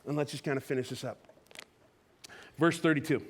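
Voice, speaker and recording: Brief: male pastor, sermon, chatty storyteller acting out quotes, higher voice. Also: brisk. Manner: conversational, animated storytelling with acted-out quotes. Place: church auditorium.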